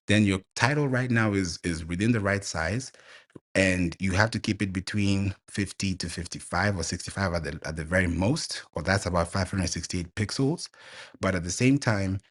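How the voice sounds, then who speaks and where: Excitable, deep-voiced man explaining marketing. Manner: energetic, fast, excitable explaining. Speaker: marketing guest expert. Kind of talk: live audio room chat. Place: online live audio room.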